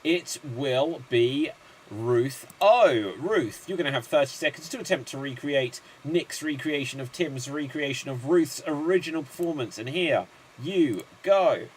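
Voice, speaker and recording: Man hosting an improv show, brisk announcer voice, slightly high, rattles off long lists of names. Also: expressive, husky.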